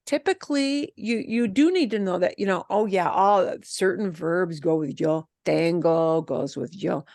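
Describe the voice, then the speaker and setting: A woman teaching a Spanish class, explaining grammar with lively emphasis and repeating example phrases. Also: fairly low pitch, measured pace, gravelly, no room sound, studio quality. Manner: animated, emphatic, switches between English and Spanish examples. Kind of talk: online class instruction.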